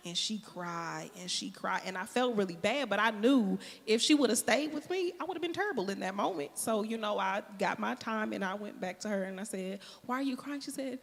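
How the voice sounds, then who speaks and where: A mother chatting casually on a panel, relaxed and laughing as she talks. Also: medium pitch, gravelly, long reverb tail. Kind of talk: casual chat.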